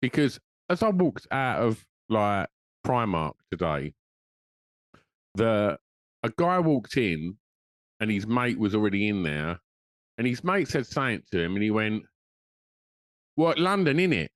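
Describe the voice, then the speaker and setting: A man's voice: on the low side, very animated, measured pace, long pauses, dry recording. A middle-aged man co-hosting a live podcast, joking and swearing freely in casual banter, with filler words along the way. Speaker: podcast co-host.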